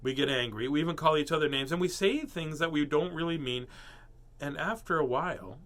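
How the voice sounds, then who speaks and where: A man's voice: fairly high pitch, fairly quick, a bit bright. A man reading a children's storybook aloud, doing playful character voices and joking asides. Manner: playful, jokey asides and puns. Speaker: storybook reader.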